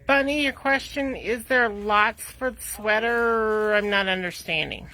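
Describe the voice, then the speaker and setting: A woman co-hosting a sewing store's live video, calmly showing and describing quilt projects. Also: mid-range voice. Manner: slow, friendly, describes projects. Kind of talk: casual show-and-tell.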